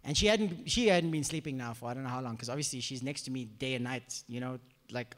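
A man's voice: medium pitch, fast talker. A middle-aged male pastor, telling a personal testimony in a sermon and acting out the voices of the people in his story. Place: church hall before a congregation. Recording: echoey hall reverb.

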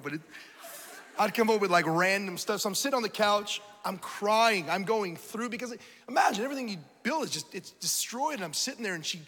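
A man preaching a sermon with a high, bright voice that rings through a large hall. He tells his story in an animated, self-mocking way. He laughs often. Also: brisk.

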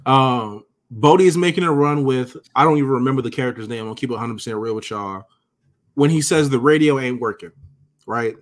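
A man's voice: medium pitch, fairly quick. A man co-hosting a podcast, casually recapping scenes in a profane, joking way. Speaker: podcast co-host.

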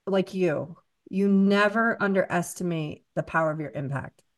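A woman's voice: lowish voice, normal speed. Woman podcast host, earnest, affirming, conversational. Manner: earnest and affirming, speaks directly to the guest. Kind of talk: casual interview conversation.

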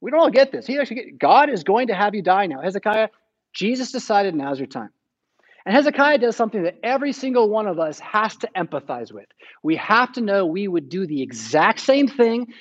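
A man's voice: high voice, big pitch swings, fairly quick, muffled recording. An American man preaching a sermon in a church, retelling the story casually and acting out the quotes.

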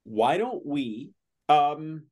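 A man's voice: on the high side, lively intonation, very slow, darkish tone. A man playing a tabletop horror game, rambling hesitantly with many fillers. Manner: hesitant, lots of fillers and restarts. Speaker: player. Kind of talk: casual tabletop play, often in character.

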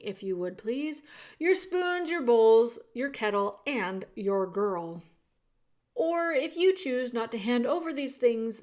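A woman reading aloud, voicing a dutiful male soldier who speaks in a loud, formal, matter-of-fact way. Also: a little high.

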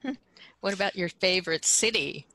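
A woman co-hosting a casual chat show, talking in a relaxed way with soft laughs and fillers. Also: fairly low pitch, brisk, dry recording, poor audio. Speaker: co-host.

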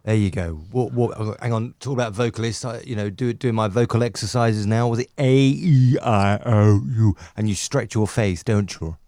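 A man's voice: lowish voice, fairly even intonation, a little fast, hardly any pauses, a little mellow, no echo. A man co-hosting a casual radio-station podcast, chatting and joking, often slipping into a put-on Irish voice. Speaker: podcast co-host. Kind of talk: casual chat.

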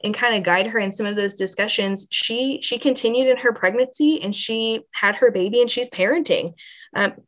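Animated woman telling a heartfelt story. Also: on the high side, normal speed. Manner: animated, earnest, lots of "like" and "you know". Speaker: pregnancy center manager, podcast guest. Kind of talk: emotional personal storytelling on a podcast.

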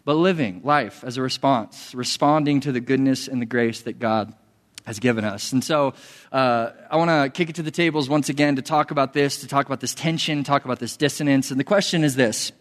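A man's voice: medium pitch, fairly quick, long reverb tail. A young man preaching a casual sermon, candid and self-mocking, speaking conversationally to a group. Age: young adult. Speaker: pastor.

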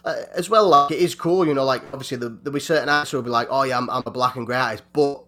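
A man chatting on a podcast, rambling and halting, full of filler and swearing. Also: medium pitch, fairly bright tone. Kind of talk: casual podcast chat.

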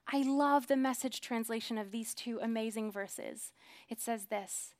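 A woman's voice: fairly high pitch, a little slow. Earnest woman preaching, whispering and swelling. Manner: earnest, swinging from hushed whispers to emphatic swells. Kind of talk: sermon.

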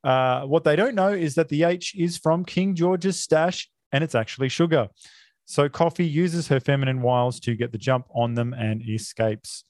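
A man's voice: fairly high pitch, moderate pace, a little mellow, no echo, clean studio sound. A man, a podcast co-host, casually recapping a film plot, full of filler uhs and offhand swearing.

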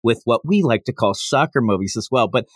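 A man hosting a podcast, casually retelling a manga chapter in an animated way and now and then slipping into character voices. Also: medium pitch, a little fast, slightly rough, no echo, studio quality. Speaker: podcast host.

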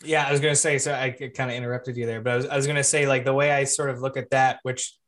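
A man's voice: medium pitch, flat delivery, fast talker, fairly bright tone. A man hosting a podcast interview, talking in a loose, rambling way full of fillers and restarts. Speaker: podcast host.

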